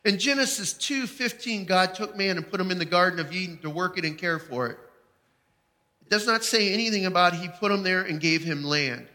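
High, bright-voiced man preaching in a hall. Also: brisk. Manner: storytelling testimony, emphatic. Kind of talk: sermon. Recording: long hall reverb.

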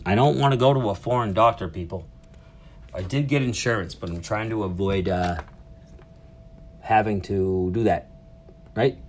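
In a low voice with a darkish tone, the host rambles casually through a solo podcast story from his cruise ship cabin, swearing freely and getting sidetracked. Public announcements sound in the background.

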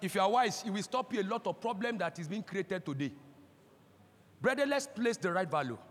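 High-voiced Nigerian preacher, impassioned. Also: male voice, animated, fairly quick. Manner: impassioned, breaks into shouting. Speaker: pastor. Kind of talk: sermon. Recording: long hall reverb.

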